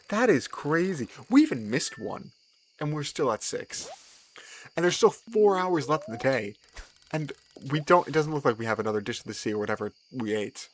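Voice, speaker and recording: Young male streamer, excitable and lively in pitch, repeats lines, laughs a lot. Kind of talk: casual gameplay commentary.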